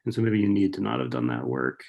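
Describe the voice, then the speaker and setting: Gravelly-voiced man, rambling and casual. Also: sits low, big pitch swings, quick pace, darkish tone. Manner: rambling, filler-heavy, frequent rhetorical "right?". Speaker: author and writing professor. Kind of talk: casual talk answering audience questions.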